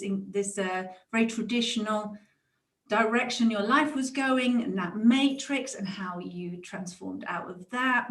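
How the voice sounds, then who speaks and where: A woman in her forties with a Brighton English accent, hosting a casual interview and speaking in a gushing, affectionate, spiritual way. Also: mid-range voice, reverberant. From England. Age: 40s. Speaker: host.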